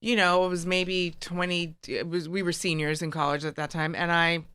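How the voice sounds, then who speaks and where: Middle-aged american woman telling stories, bright crisp voice, bit on the low side. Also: little pitch movement, normal speed, no echo. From United States. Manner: storytelling, acts out quoted voices. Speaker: guest. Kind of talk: casual chat.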